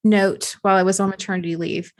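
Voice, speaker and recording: A woman's voice: medium pitch, level tone, quick pace. Chatty woman co-host who laughs easily. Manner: laughs often, chatty and storytelling. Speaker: podcast co-host. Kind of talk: casual chat.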